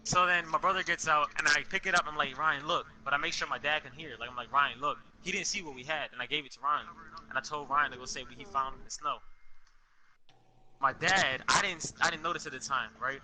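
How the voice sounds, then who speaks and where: A young man telling a story in a casual, animated way, full of slang and swearing, on a podcast with friends. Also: fairly high pitch, fairly quick, low-quality recording. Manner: animated, profane, street slang. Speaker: podcast co-host.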